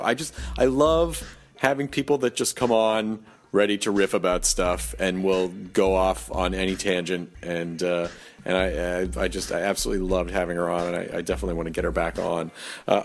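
A man hosting a podcast with a nearly lost voice, rambling and self-mocking through an intro and ad read. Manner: rambling, self-mocking, jumps between high and low. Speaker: podcast host.

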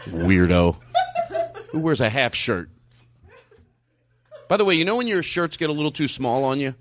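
Rambling, animated male podcast host. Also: on the high side, normal speed, pauses often, slight background noise. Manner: rambling, laughing, restarts mid-sentence. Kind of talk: casual comedy chat.

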